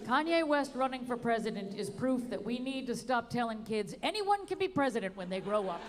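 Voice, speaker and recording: A woman performing a wry, animated stand-up comedy set at an outdoor show. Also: on the high side, a little fast, in a large hall, noisy background. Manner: wry, animated delivery with sung bits.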